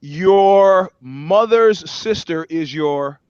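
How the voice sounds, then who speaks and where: A man co-hosting a podcast in casual chat, joking, excitable and profane, with stammered restarts. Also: fairly high pitch, extremely slow, smooth, no echo, dull audio. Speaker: podcast co-host.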